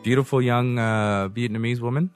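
A man's voice: mid-range voice, steady tone, normal speed, clean tone, faint music behind. A young man hosting a podcast in casual chat, rambling and joking, laughing often. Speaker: podcast host. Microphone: studio microphone.

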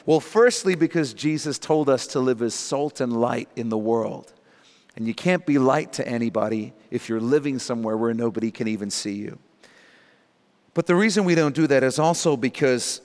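A man's voice: mid-range voice, normal speed, darkish tone, big-room sound. A man preaching a verse-by-verse sermon, emphatic and dropping in casual asides. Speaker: pastor. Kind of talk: sermon teaching through scripture.

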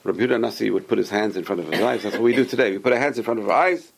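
A man leads a casual Torah lesson in a voice with a gravelly rasp. He explains patiently, repeats his key points and poses questions only to answer them himself. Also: lowish voice, racing. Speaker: rabbi teaching a class.

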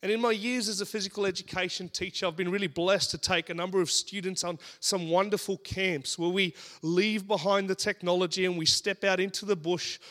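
An Australian man in his thirties preaching a sermon, telling stories in an animated, humorous way. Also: high voice.

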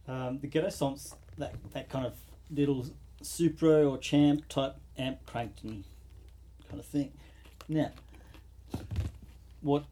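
A man's voice: mid-range voice, fairly even intonation, slow pace, long pauses, warm tone. A man co-hosting a casual chat, laid-back, often trailing off and laughing. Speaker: podcast co-host. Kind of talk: casual chat about guitar pedals.

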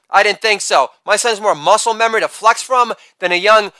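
A man in his forties delivering a rapid-fire joke monologue, brash and crude, with loud shouted catchphrases. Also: high voice, no room sound. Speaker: comedian.

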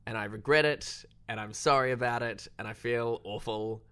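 A man's voice: normal speed, clean tone. A young Australian man, a filmmaker guest, telling a story in casual, self-deprecating chat. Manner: animated, self-deprecating, jumps pitch when quoting.

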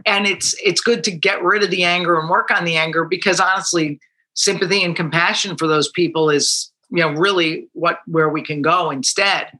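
A retired stand-up comic with a bright, sharp-edged voice. They speak in a relaxed, reflective way, agreeing readily and working through thoughts out loud in casual talk. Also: medium pitch, moderate pace. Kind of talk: casual conversation.

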